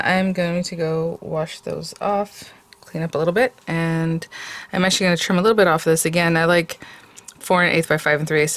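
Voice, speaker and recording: Low-voiced woman chatting through a craft tutorial. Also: fairly bright tone, a little hiss or hum. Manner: chatty, thinking aloud with many ums. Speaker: papercraft channel host.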